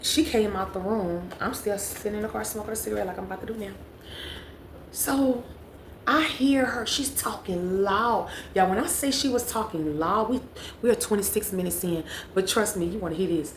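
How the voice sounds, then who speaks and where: A woman's voice: medium pitch, brisk. Woman, storytime vlog, chatty, roomy echo, faint hiss behind. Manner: chatty, talks straight to viewers, repeats phrases for emphasis. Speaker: vlogger. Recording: echoey room with faint background noise.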